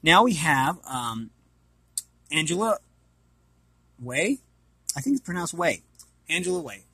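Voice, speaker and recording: Man, bright husky voice, casual hesitant reading, stumbles over names. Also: fairly high pitch, very animated, unhurried, no room sound. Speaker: YouTuber reading an art book aloud.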